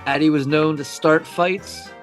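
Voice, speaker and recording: A man's voice: a little high, fairly even intonation, measured pace, faint music behind. A man co-hosting a podcast, reading scripted true-crime narration with casual asides. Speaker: podcast co-host.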